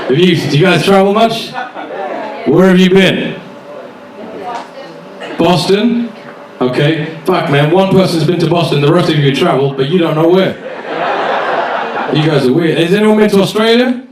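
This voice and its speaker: A man's voice: a little high, noisy background. A man doing stand-up, swearing freely and teasing the audience. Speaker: stand-up comedian. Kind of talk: stand-up comedy set with crowd work. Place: comedy club stage. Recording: echoey club, distant mic, loud audience.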